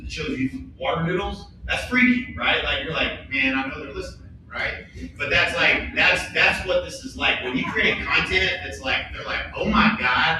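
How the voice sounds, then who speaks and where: A man with an Oklahoma accent speaking on a conference panel in a conversational, energetic way. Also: a little high, a little hiss or hum. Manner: energetic, conversational, leans on "right?" and "like". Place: large event hall on a stage. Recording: echoey hall from far off.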